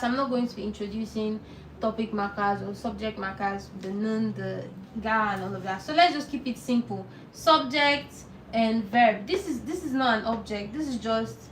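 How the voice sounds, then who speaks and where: A woman teaching a live online language lesson, patiently explaining and repeating words slowly. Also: on the high side, far from the mic. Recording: roomy echo, off-mic, faint noise.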